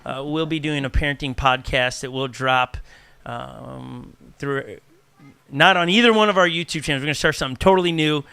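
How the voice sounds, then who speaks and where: A man, a pastor hosting a casual church podcast, talking in an animated way, acting out little dialogues and often restarting his sentences. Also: medium pitch, normal speed, gravelly, clear, resonant tone, no room sound. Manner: animated, acts out quoted dialogue, frequent restarts. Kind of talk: casual chat.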